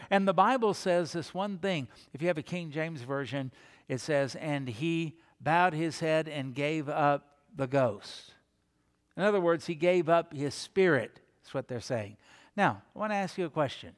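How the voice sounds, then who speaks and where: A man's voice: high-pitched, long reverb tail. A man preaching a sermon as pastor, earnest, with rhetorical questions and quoted lines.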